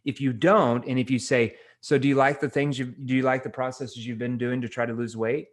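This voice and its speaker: A middle-aged man coaching sales calls, giving direct feedback and slowing down to stress key words. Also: medium pitch, flat delivery. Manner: direct, instructive, slows down for emphasis. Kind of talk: coaching role-play feedback.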